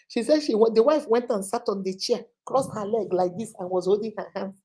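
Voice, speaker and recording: A woman's voice: mid-range voice, fairly quick, few pauses, dark tone, slightly rough. A woman hosting an advice show, retelling a viewer's story with dramatic quoted voices.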